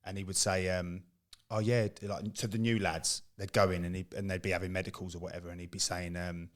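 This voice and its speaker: An English man, an ex-footballer co-hosting a podcast, telling a lively story in casual chat. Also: low-pitched, quick pace.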